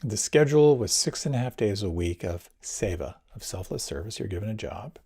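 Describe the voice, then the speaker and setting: An older man, a meditation teacher, recounting his experiences in a reflective storytelling talk, swinging between near whispers and lively bursts. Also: fairly low pitch, a little fast, slightly rough. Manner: animated, drops to near whispers and rises again.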